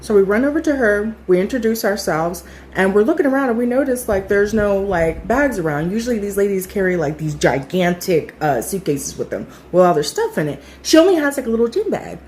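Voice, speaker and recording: A woman in her thirties telling a casual storytime, chatty and animated, acting out what other people said. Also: medium pitch, a little fast, slight background noise. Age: 30s.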